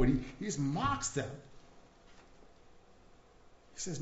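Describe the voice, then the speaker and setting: A man preaching a sermon in a lively, conversational way, often checking in with "right?". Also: fairly high pitch, slow pace, pauses often. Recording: echoey room, dull lo-fi sound.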